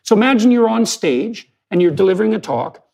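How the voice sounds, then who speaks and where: A man with a high voice for a man, roughened by a steady gravelly fry. He talks in an analytical, lecturing way, blunt and emphatic, and builds his case step by step through examples. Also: fairly quick. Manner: emphatic and blunt, with vivid hypotheticals. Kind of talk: analytical lecture-style conversation.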